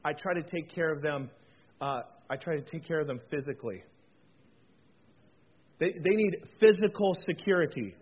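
A man's voice: on the high side, normal speed, long pauses, husky. A man in his forties preaching a sermon to a room, telling jokey personal stories and calling on the audience to repeat after him. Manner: animated, jokey storytelling with audience call-outs. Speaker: pastor. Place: church hall. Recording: dull lo-fi recording, faint noise.

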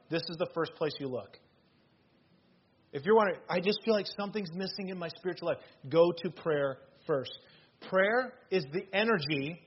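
A man in his thirties preaching a sermon as pastor, earnest and emphatic, with sudden loud bursts. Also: high-pitched, dull audio, a little hiss or hum.

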